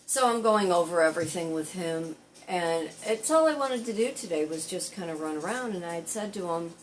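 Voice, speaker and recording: Older woman, casual vlog, rambling storyteller, slightly low voice, faint background hiss. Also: a little fast, poor audio. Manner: rambling, chatty, animated when quoting others. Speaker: content creator and bartender.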